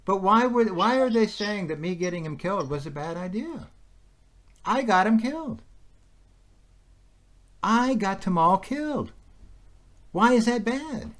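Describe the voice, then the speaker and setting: A man in a heated conversation, agitated and repetitive. His voice sits fairly high and swings widely in pitch. He keeps circling back to rhetorical questions and laughs between points. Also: animated, measured pace, pauses often, fairly bright tone. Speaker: conversation partner.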